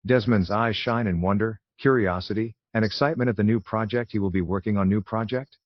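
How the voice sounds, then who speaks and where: A man's voice: on the low side, fairly even intonation, a little fast, dry recording. A man reading a fan fiction story aloud in a plain way, with frequent slips and restarts. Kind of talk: amateur story narration. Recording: dull lo-fi recording.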